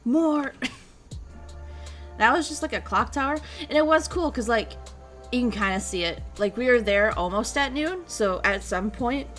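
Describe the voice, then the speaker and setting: A woman's voice: fairly high pitch, animated, normal speed, a bit bright, faint music behind. A woman streamer in a casual chat, rambling and giggling as she goes, with easy, offhand swearing.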